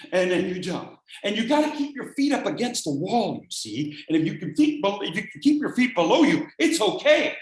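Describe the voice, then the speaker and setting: Animated storyteller in a roomy hall. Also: medium pitch. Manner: animated, acts out scenes, shifts from hushed to shouting. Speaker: speech contest speaker. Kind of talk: dramatic storytelling speech. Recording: roomy echo.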